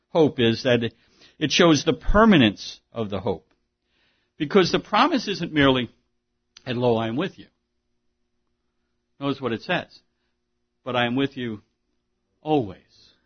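A man's voice: mid-range voice, muffled recording. A man preaching a sermon, with an emphatic, conversational delivery full of asides and rhetorical questions. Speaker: pastor.

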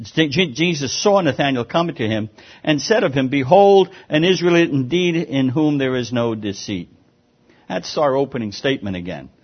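Lively, emphatic male preacher. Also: fairly high pitch, husky. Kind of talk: sermon. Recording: dull lo-fi sound.

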